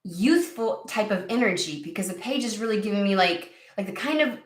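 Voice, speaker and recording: A woman giving a casual tarot reading, excitable and profane, who argues back at the cards she draws. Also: medium pitch, fairly quick, echoey room, far from the mic. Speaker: tarot reader.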